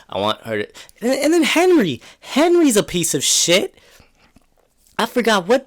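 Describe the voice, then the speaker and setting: A man hosting a solo podcast, ranting in a profane, rambling, exasperated way, trailing off and restarting mid-sentence. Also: sits high. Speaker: podcast host.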